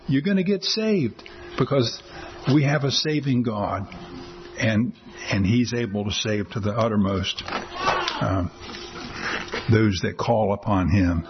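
A man preaching with earnest conviction, his voice rising and falling a lot. He repeats words as he goes and slows down to quote scripture. The recording is slightly dull, with faint background ambience. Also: medium pitch, slight background noise. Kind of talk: sermon.

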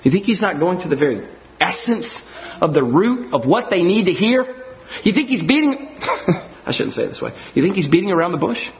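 A man preaching a sermon in an animated way, acting out scenes from scripture and everyday life. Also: sits high, fairly quick, gravelly, slight background noise. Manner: animated, acts out scenes in character voices. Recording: dull lo-fi audio.

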